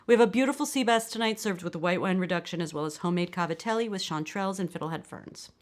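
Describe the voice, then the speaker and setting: A woman's voice: fairly low pitch, fast talker, close to an everyday voice. A woman reading the polished, recited specials of a young male waiter.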